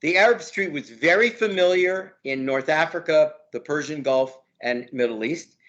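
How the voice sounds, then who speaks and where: A man's voice: a little high, normal speed, a bit bright, lo-fi sound. A man, a law professor as interview guest, talking heatedly and hammering points by repeating words. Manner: emphatic, repeats words for force. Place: lives in Brooklyn.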